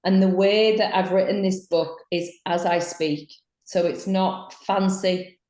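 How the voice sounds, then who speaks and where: Irish woman, low-ish voice, cheeky and frank, swears a lot, roomy echo. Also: steady tone, measured pace, darkish tone. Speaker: guest author. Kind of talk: casual podcast chat.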